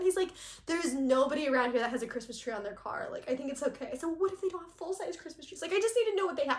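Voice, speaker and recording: Animated woman telling a story, echoey room. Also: high-pitched, very fast. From Southern California. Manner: animated, laughing, acting out quotes. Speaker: co-host of a cross-stitch channel. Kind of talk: casual storytelling chat.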